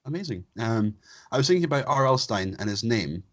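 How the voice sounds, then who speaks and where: A man's voice: medium pitch, big pitch swings, a little fast, fairly bright tone. A young man hosting a podcast, bantering with crude jokes in a casual comedic chat. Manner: jokey, bantering, crude humor. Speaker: podcast host.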